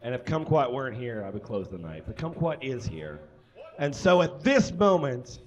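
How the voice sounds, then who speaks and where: A man's voice: very animated, normal speed, dull audio. A man hosting a live comedy reading on stage, theatrical and hammy, swinging his voice up and down for the audience. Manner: theatrical, hammy, big swings in pitch and volume. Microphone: handheld stage microphone.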